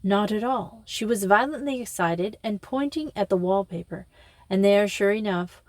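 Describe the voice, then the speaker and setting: A woman voicing a gruff retired colonel who speaks in clipped, brisk phrases. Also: mid-range voice, darkish tone, no echo, lightly acted. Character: gruff retired colonel, fond of ghost stories.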